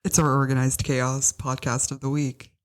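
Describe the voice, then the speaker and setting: A woman's voice: extremely low pitch, level tone, moderate pace. A young woman co-hosting a casual podcast from a small office, easygoing and teasing. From Washington State. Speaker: podcast co-host. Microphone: studio microphone.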